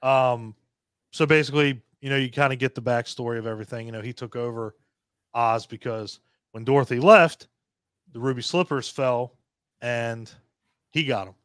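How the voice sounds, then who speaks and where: A man's voice: mid-range voice, moderate pace, pauses often, fairly bright tone, clean tone, no room sound. A man co-hosting a podcast, rambling profanely through a movie review and acting out characters' lines. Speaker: podcast co-host. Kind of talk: casual movie review chat.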